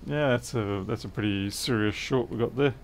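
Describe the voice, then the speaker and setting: Gravelly man chatting while repairing. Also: medium pitch, moderate pace, a little hiss or hum. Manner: rambling, thinks aloud, answers chat. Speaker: repair technician livestreaming. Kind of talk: casual livestream chat while working.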